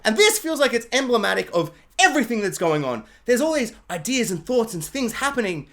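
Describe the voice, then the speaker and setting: A show reviewer in a casual rant, sarcastic and animated, often slipping into mock quotes. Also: medium pitch, brisk, few pauses.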